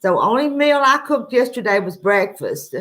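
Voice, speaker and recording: A woman's voice: on the high side, sing-song, normal speed, a bit bright. A woman with a Southern US accent hosting an early-morning livestream, rambling in a laid-back way and greeting her viewers by name. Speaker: livestream host. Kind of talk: casual livestream chat.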